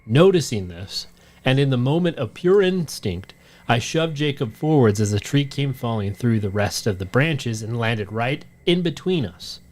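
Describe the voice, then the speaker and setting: Male podcast co-host, mid-pitched, steady storytelling read of a listener tale. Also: normal speed. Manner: steady storytelling read, shouts out the quoted lines. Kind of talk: reading a listener story aloud.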